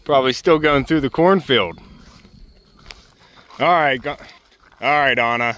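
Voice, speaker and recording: A man's voice: medium pitch, unhurried, bright, forceful tone. A man vlogging from his homestead outdoors, chatting casually and coaxing his ducks, geese and turkeys along. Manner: coaxing, chatty talk to farm birds. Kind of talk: casual vlog narration. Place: outdoors on a farm yard and pasture.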